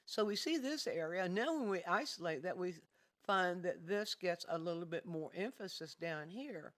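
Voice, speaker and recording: A patient painting teacher walks viewers through a canvas in a livestreamed art lesson. The delivery is calm and deliberate, and key ideas come back in repeated phrases. The voice sits at an ordinary middle pitch. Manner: calm, deliberate explaining, pointing out areas of a painting. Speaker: painting instructor.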